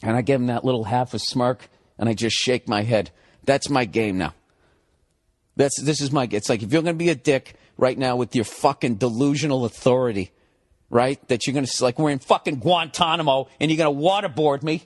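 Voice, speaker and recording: A man's voice: a little high, expressive, a little fast, no echo, studio quality. A man hosting a podcast, telling a story in a profane, sarcastic way and acting out both sides of an argument. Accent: Boston. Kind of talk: casual storytelling monologue.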